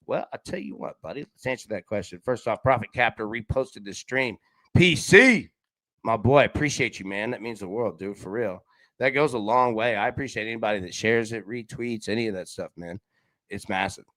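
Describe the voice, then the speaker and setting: A man's voice: on the low side, normal speed, a bit bright, dry recording. A man hosting a live sports betting show, chatting casually with viewers and giving his picks, with slang and frequent restarts.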